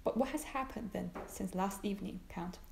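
A woman's voice: mid-range voice, normal speed, creaky, darkish tone, echoey room, slight background noise, lightly acted. A woman voicing an earnest, anxious young soldier, reading his lines in a pleading way.

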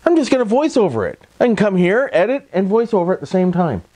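Fast, high-pitched, and sing-song with a warm tone, a Canadian man narrates his vlog. He speaks into a voice-over microphone in a casual, rambling, folksy way, using many catchphrases and tag questions.

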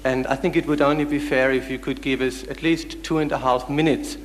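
A man's voice: medium pitch, fairly even intonation, a little fast, slight background noise. A man from the audience, polite but persistent, asking to pose a full question. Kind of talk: pleading then reading scripture. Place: lecture hall. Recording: echoey hall.

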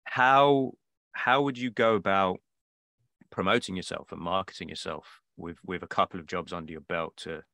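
A man's voice: sits low, fairly even intonation, moderate pace, creaky, bright, forceful tone, no echo, studio quality. A man asking a question in a casual chat, hesitant and full of fillers.

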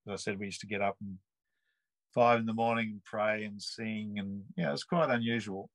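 A man's voice: fairly low pitch, normal speed, no echo, poor audio. A man in his sixties with an Australian accent, telling a personal story in an interview and acting out the people he quotes. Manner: lively storyteller who acts out the people he quotes.

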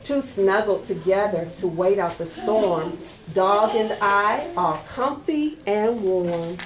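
A woman's voice: mid-range voice, takes it slowly. A woman reading a picture book aloud at a library storytime, coaxing the children to join in. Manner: sing-song, animated, coaxing kids to join in. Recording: echoey room.

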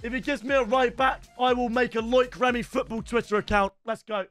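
Excitable sweary gaming lad. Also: male voice, very high voice, brisk. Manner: loud, sweary, banters with viewers as lads. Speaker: gaming YouTuber.

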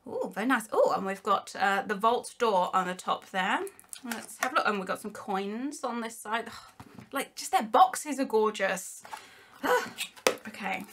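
A young woman chatting excitedly while unboxing, gushing and giggly with lots of exclamations. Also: medium pitch, a little slow. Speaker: unboxing vlogger.

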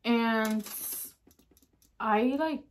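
A woman hosting an eating show, telling a spooky story in a casual, chatty way, using "like" constantly and dropping to a hush at the eerie parts. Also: fairly high pitch, drawn-out words, slight background noise. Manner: chatty, heavy use of "like" fillers; drops to a hushed tone at eerie moments. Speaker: mukbang host.

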